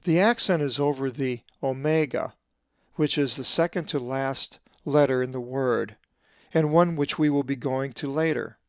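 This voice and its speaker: Brief: male teacher, mid-pitched, dry close sound, measured and methodical, stretches out the example words. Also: clean tone, dry recording. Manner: methodical, drawn-out slow stress on Greek words. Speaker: Bible translator teaching Greek pronunciation. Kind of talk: scripted teaching lesson.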